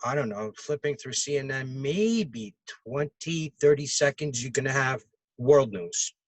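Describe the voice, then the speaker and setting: A man's voice: medium pitch, lively intonation, measured pace, no room sound, rough recording. A man co-hosting a casual political chat, talking in opinionated, rambling runs with fillers. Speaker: podcast co-host.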